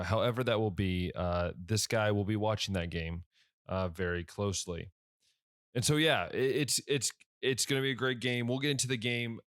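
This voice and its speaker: A man's voice: lowish voice, a bit bright, no echo, clean studio sound. A sleepy young man hosting a casual sports podcast on his own, yawning and rambling through his thoughts with lots of fillers and restarts. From Ohio. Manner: rambling, self-correcting, many fillers. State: tired, yawning. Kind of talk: casual solo podcast talk.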